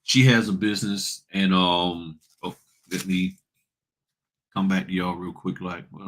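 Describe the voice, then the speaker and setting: A man's voice: low voice, a bit bright. Blunt, slangy man ranting to viewers. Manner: blunt, preachy, slangy, addresses viewers as y'all. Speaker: notary business host. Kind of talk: casual livestream talk to viewers.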